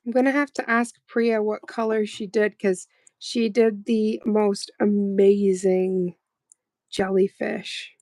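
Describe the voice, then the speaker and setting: Gravelly-voiced woman hosting a chatty livestream. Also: mid-range voice, little pitch movement, slow pace, darkish tone, dry recording, rough recording. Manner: chatty and playful, laughs often. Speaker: livestream host. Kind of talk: casual live chat while doing nail art.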